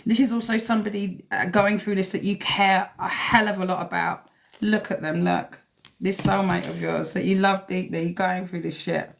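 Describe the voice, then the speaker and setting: A woman's voice: mid-range voice, fairly even intonation, normal speed, creaky. A woman giving a blunt, emphatic live tarot reading, swearing freely as she talks to viewers. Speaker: tarot reader.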